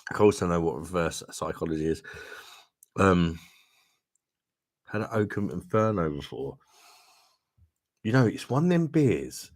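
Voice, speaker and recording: This man's low voice swings widely in pitch, and he talks unhurriedly with frequent pauses. He's hosting a casual drinking livestream, reading out viewer comments while tipsy, laughing, swearing and saying "mate" a lot.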